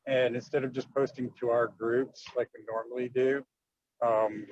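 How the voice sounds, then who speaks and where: A man's voice: mid-range voice, little pitch movement, moderate pace, darkish tone, muffled recording, a little hiss or hum. A man on a video call asking the group a long question, rambling with many fillers. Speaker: team member asking a question.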